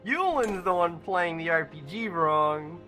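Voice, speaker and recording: Bright, animated woman gamer, playful and defensive. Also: lowish voice, unhurried, faint music behind. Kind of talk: casual gaming chat.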